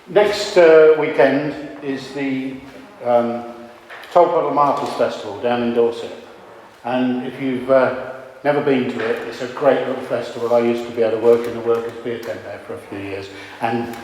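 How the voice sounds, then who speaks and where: Male host wrapping up a live poetry evening, mid-pitched and hesitant, echoey hall with faint noise. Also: a little mellow. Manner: hesitant, full of fillers. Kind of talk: casual closing remarks.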